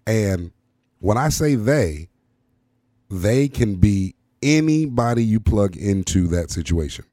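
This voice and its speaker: A man's voice: lowish voice, animated, a little slow, dark tone, no room sound, clean studio sound. A man hosting his own show, talking in an emphatic, preacher-like way that repeats words for effect. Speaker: podcast host. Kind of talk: motivational monologue.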